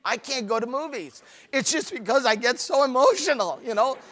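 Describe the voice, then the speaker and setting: Bright-voiced man telling funny stories. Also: very high-pitched, moderate pace. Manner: animated storytelling with playful self-mockery. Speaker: marriage seminar speaker. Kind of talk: humorous seminar talk to couples.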